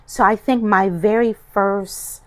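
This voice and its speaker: A middle-aged woman, a podcast guest, giving an emotional personal testimony in an expressive, animated storytelling manner. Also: mid-range voice, takes it slowly. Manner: expressive, animated storytelling, voices her past self.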